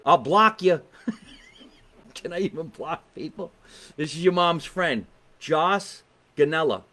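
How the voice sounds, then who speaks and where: This basement-based comedy talk show host speaks slowly in a fairly high, expressive voice with a sharp tone. With his New Jersey accent, he chats casually on a live stream, joking brashly with viewers and swearing without restraint.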